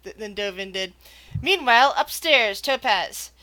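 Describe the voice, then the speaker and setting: Woman GM with a bright, slightly high voice, chatty and loose, lots of ums. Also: animated, a little slow. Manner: chatty, filler-heavy, loose narration. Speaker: game master. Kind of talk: narrating a tabletop game.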